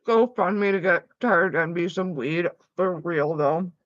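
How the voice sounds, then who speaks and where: A woman's voice: fairly low pitch, unhurried, no echo, muffled recording. A woman streaming a game, chatting loosely with her live viewers and answering them by name. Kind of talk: casual chat with live viewers.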